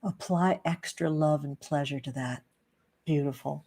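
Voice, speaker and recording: Female livestream host, effusive and doting; voice sits a little low. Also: a little slow, warm tone. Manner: gushing and affectionate, full of pet names. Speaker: livestream host, tarot reader and witch. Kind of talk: casual livestream chat with viewers.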